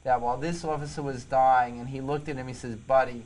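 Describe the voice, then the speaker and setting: A man's voice: mid-range voice, steady tone, fast, darkish tone, low-quality recording. A man with a New York accent, a psychologist and police officer, earnestly telling stories in an interview and repeating key points for emphasis. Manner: earnest storytelling, emphatic repetitions. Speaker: psychologist and police sergeant guest. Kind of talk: interview conversation.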